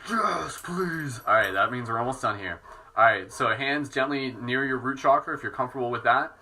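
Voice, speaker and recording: Male meditation teacher, bright tone, relaxed and soft, guiding breath work. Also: mid-range voice, a little fast, a little hiss or hum, low-quality recording. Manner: relaxed, soft-spoken, self-mocking. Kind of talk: live guided meditation.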